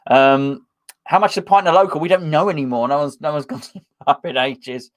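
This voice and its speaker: A man's voice: on the high side, brisk. A middle-aged man hosting a live stream, reading viewers' comments in a rambling, chatty, self-mocking way with many restarts. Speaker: podcast host reading live chat. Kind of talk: casual live-stream chat. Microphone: headphones and webcam at a desk.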